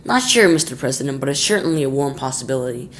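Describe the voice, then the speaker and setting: A man voicing a nervous, twitchy male chief spy in a storybook, with a falsetto and a fawning manner. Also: lively intonation, fast, fairly bright tone, a little hiss or hum, lightly acted. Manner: fawning, eager to please.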